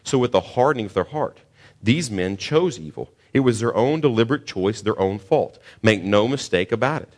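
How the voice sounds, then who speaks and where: A man's voice: on the low side, animated, moderate pace. A male pastor preaching a sermon on a scripture passage, earnest, often stumbling and repeating words before pushing to emphatic questions.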